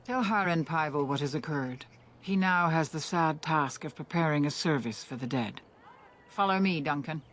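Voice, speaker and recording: Calm elder clan leader, formal game dialogue. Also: female voice, low voice, moderate pace. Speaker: game character.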